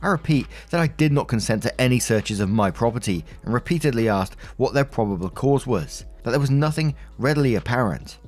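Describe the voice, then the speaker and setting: A man reading a written forum post aloud in a plain, even voice. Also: mid-range voice, brisk, hardly any pauses. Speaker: storytime narrator. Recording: faint music under the voice.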